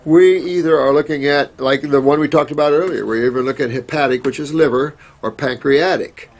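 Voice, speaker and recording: Gravelly man giving rambling health advice. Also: on the high side, brisk. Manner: folksy, rambling, with many fillers. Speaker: health show host answering questions. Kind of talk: casual advice talk.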